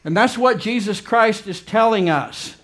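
Fervent preaching man with a high-set voice. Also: a little slow. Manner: fervent, swings between loud urgent emphasis and quiet low asides. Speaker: pastor. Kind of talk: sermon.

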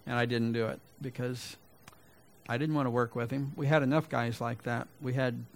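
A man's voice: medium pitch, fairly even intonation, normal speed, vocal fry, a little hiss or hum. A middle-aged man preaching a sermon, telling a folksy personal story and then asking rhetorical questions. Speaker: pastor.

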